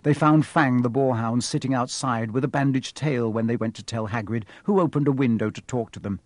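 A man reading a storybook aloud in a measured, expressive way. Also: medium pitch, dry recording. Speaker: audiobook narrator. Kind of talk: scripted storybook narration.

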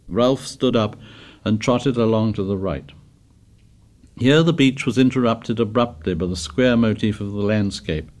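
A man reading a novel aloud as an audiobook narrator, in a measured, even storytelling manner. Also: lowish voice. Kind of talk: scripted narration.

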